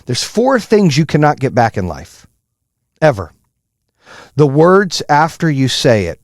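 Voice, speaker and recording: A man hosting a podcast, giving an intense, profane motivational monologue in a high-strung, high-energy way. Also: big pitch swings, a little slow, no echo, studio quality. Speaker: podcast host.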